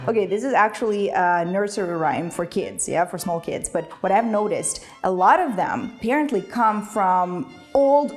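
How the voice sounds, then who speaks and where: Lively, playful woman teaching English. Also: medium pitch. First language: Ukrainian. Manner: playful, laughs often, imitates animal sounds. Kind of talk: casual video lesson.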